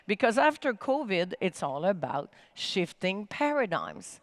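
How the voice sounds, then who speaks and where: A woman in mid-range pitch gives an energetic, emphatic keynote talk. Her pitch swings widely for emphasis. The sound is dry and close. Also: a little slow, few pauses, dry recording. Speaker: keynote speaker. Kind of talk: motivational stage talk. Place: conference main stage, live-streamed.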